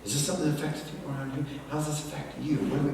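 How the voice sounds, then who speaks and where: Animated older man in an echoey hall. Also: on the high side, very fast, gravelly. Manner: animated, acts out parent dialogue. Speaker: speaker. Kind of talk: church workshop talk. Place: church hall. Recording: echoey hall from far off, faint noise.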